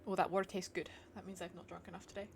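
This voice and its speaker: A woman's voice: fairly low pitch, level tone, very fast, vocal fry, slight background noise. A chatty, giggly woman, musing aloud as she streams herself playing a game. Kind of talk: casual live-stream chat while gaming.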